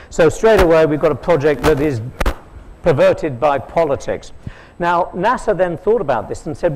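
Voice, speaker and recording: A man's voice: a little high, animated, normal speed, darkish tone, a little hiss or hum, low-quality recording. A man giving a keynote lecture at a conference, telling stories, quizzing the audience and slipping in dry jokes. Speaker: keynote speaker. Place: conference hall.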